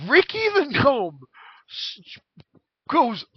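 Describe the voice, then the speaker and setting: A man's voice: very high-pitched, extremely slow, dry recording, muffled recording. A man narrating as dungeon master over voice chat, laughing and swearing as he goes. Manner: giggly, animated, swearing. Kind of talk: narrating a tabletop game.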